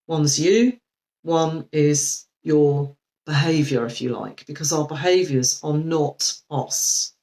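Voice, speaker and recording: A woman coach giving a live video talk, speaking gently and reflectively with frequent ums and restarts. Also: deep voice, rough recording. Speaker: life coach.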